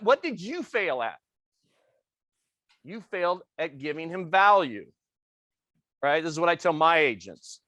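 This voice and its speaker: Intense, high-voiced man teaching a class. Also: pushed and bright, no room sound. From Italian family background. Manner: intense, passionate, asks the room questions; acts out quoted customers in little voices. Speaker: real estate trainer. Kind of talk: classroom training talk.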